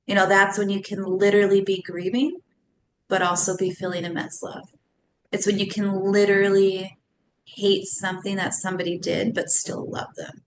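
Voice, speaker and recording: A woman's voice: medium pitch, little pitch movement, normal speed, background noise. A woman in her thirties, a guest on a podcast, talking casually and animatedly and laughing often between thoughts. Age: 30s. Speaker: podcast guest, somatic coach. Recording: roomy echo with faint ambience.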